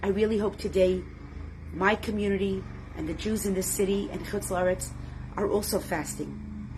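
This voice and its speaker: A woman's voice: medium pitch, steady tone, moderate pace, noisy background. Impassioned woman teaching a religious class. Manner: emotional, swings from loud exclamations to hushed tones; speaks directly to listeners as "my friends".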